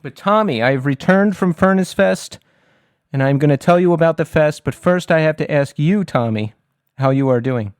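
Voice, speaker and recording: A man's voice: fairly high pitch, normal speed, dry recording, clean studio sound. Upbeat man hosting a podcast. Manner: upbeat and enthusiastic. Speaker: podcast co-host. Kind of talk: casual podcast chat.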